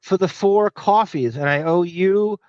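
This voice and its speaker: Man, Long Island accent, podcast host; slightly high voice, swearing and rambling through listener comments on dull, dry lo-fi audio. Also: measured pace, darkish tone, smooth, no room sound. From Long Island, New York. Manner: rambling, profane, thinking aloud. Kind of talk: casual live chat reading listener comments.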